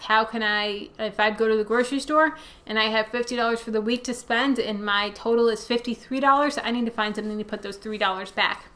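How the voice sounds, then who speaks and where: A woman's voice: on the high side, sharp tone. A young woman hosting a personal finance Q&A, chatty and conversational as she answers viewer questions. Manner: chatty, conversational, frequent fillers. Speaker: personal finance channel host. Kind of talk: casual Q&A, reading viewer questions.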